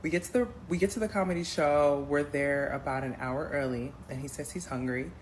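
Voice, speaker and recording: A woman telling a dating story in a casual storytime, addressing viewers as y'all with animated emphasis. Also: low-pitched, brisk, a little hiss or hum, rough recording. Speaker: storyteller in a clip.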